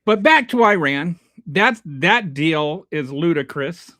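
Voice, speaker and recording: A man's voice: fairly high pitch, lively intonation, slow pace, sharp tone, no room sound, studio quality. A male host giving sarcastic, rambling political commentary on a livestream and reading chat. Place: home near a small Texas town.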